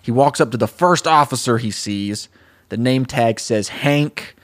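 Young man narrating a story idea for his co-host in an easy middle voice, animated, laughing at his own jokes as he acts out the scenes. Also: mid-range voice, unhurried. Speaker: podcast co-host. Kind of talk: casual chat, pitching a story.

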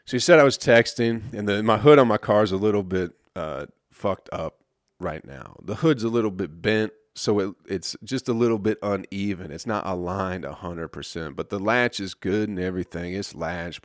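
Low-voiced guy, comic rambling thru a story, swears a lot, dry close sound. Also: normal speed, no room sound. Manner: laid-back, profane, rambling. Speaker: stand-up comedian. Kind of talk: casual storytelling.

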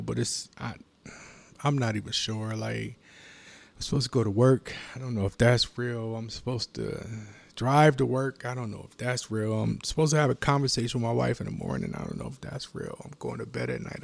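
A man with a heavily gravelly, fry-laden voice, talking haltingly and repeating himself. He often sinks into breathy, unvoiced whispers and sounds shaken and confused. His pitch sits at an ordinary middle level. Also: a little mellow, dry recording. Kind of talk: distressed personal confession.

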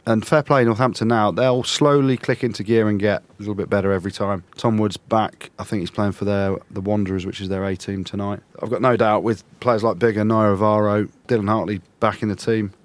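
A man with a fairly low voice hosts a rugby podcast in an easy, conversational way. He rambles through match talk and laughs readily. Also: steady tone, a little fast, hardly any pauses, dry recording. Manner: chatty, laughs easily, rambling analysis. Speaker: podcast host. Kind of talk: casual rugby chat.

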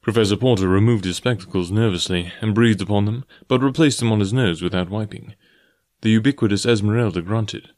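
A man reading a novel aloud as an audiobook narrator, in a steady, even manner. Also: fairly low pitch, fairly quick, no echo, clean studio sound. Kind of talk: scripted narration.

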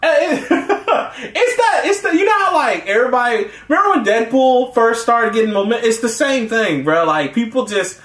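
Animated laughing man in a roomy echo. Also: normal speed, few pauses. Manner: animated, laughs often, acts out quotes in high voices. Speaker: podcast co-host. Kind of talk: casual chat.

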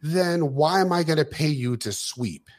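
A man's voice: a little high, lively intonation, a little slow. A man co-hosting a podcast, ranting and acting out both sides of conversations. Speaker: podcast co-host. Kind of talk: casual chat.

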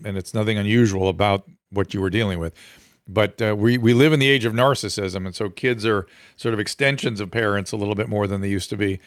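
A man hosting a panel talk on youth mental health, measured and thoughtful, with fillers and restarts. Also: on the low side, fairly bright tone, no echo, studio quality. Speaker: host. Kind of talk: moderating a panel discussion.

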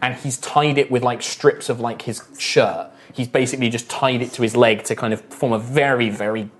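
A man's voice: medium pitch, steady tone, moderate pace. A man narrating as game master for a tabletop game, describing scenes in a loose, rambling way with many fillers and restarts.

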